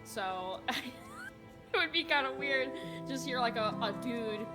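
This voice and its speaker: A woman's voice: sits high, expressive, takes it slowly, over music. A woman chatting casually on a live stream, laughing often and acting out mock outrage.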